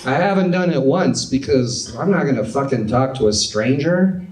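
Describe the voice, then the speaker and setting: A young man in his twenties doing a stand-up comedy set with a dry, deadpan delivery in a club. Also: mid-range voice, normal speed. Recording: echoey club with audience laughter. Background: crowd laughter.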